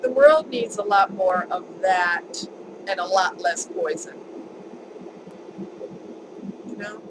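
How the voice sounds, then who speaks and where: A woman's voice: mid-range voice, huge pitch swings, unhurried, background noise. A woman vlogger telling a personal story in a chatty, emphatic way, repeating words for stress.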